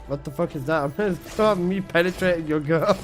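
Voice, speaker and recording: Young dude streaming a game, fairly high voice, slangy and crude, laughs at his own jokes. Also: normal speed, music in the background. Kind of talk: casual live-stream chat.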